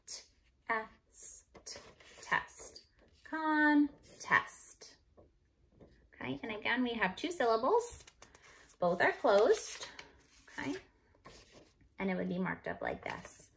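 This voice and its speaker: A woman teacher walking young students through spelling and marking up words, sounding out each syllable and letter slowly and clearly. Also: a little high, a little hiss or hum. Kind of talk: recorded phonics review lesson. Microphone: computer microphone.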